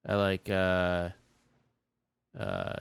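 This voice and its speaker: Brief: low-voiced male co-host, smooth and resonant, relaxed with fillers. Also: drawn-out words, no room sound. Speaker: podcast co-host reading listener questions. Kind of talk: casual chat.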